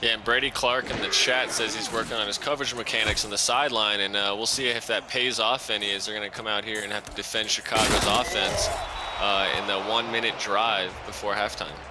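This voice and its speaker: A man's voice: lowish voice, steady tone, fairly quick, heavy background noise. A man doing color commentary on a simulated football game, talking casually with lots of fillers and restarts. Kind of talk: live esports football commentary.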